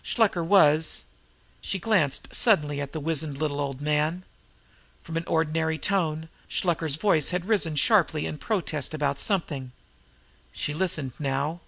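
Gravelly male audiobook narrator. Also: a little high, moderate pace, fairly bright tone, no room sound.

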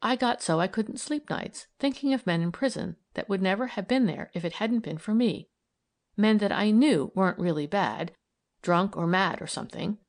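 A woman's voice: medium pitch, moderate pace, close to an everyday voice. Woman voicing an earnest idealistic young woman. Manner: eager, persuasive, animated.

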